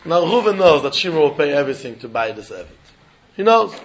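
Man, Talmud class teacher, lilt, fairly high voice, dull lo-fi recording. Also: very animated, fairly quick. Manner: sing-song study-hall explaining, acting out both sides of a deal. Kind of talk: animated Talmud class lecture.

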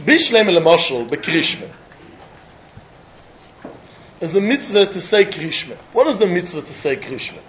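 High-voiced man giving a Talmud lecture. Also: moderate pace, pauses often, muffled recording, slight background noise. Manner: lively, questioning, mixes English with Yiddish and Hebrew terms. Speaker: Talmud teacher.

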